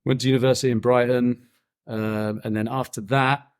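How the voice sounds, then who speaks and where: A man's voice: medium pitch, flat delivery, moderate pace, clear, resonant tone. A man with a London accent, a podcast guest in his thirties, chatting casually and telling stories in a laid-back way. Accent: London English. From England. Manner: laid-back, chatty storyteller, mild swearing. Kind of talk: casual interview chat.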